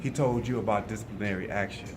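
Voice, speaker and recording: A man's voice: fairly low pitch, fairly even intonation, fast talker. A man at a press conference speaking pointedly and challenging the reporters directly. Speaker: community leader at press conference. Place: indoor hall at a press conference. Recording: noisy room recording.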